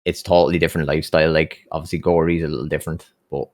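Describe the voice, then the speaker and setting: A man's voice: a bass voice, flat delivery, racing, a little mellow. A young Irish man chatting on a podcast, telling a story full of swearing and acted-out quotes. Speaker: podcast guest. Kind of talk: casual podcast chat, storytelling.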